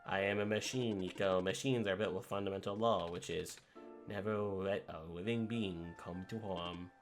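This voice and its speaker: A man voicing an apologetic computer program that runs a game world, explaining itself in an earnest, halting way. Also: deep voice, steady tone, faint music behind.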